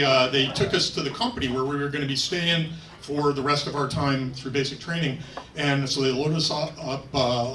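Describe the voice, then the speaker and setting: A man's voice: fairly high pitch, sharp tone, a little hiss or hum. A man from New York performing a stand-up set, telling a long story with many fillers and acted-out quotes. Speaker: stand-up comedian. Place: comedy stage before a laughing audience. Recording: roomy, distant live club recording.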